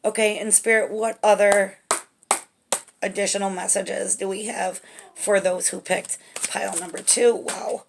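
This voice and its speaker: A woman giving a spiritual tarot reading to camera, gentle and reassuring, often checking in with "okay?". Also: medium pitch, fairly even intonation, unhurried, creaky, noisy background. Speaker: tarot reader.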